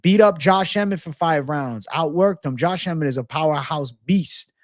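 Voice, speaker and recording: Male livestream host, fairly high voice, brash and profane, dry close mic. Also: moderate pace, no room sound. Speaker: MMA betting livestream host. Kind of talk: livestream fight predictions.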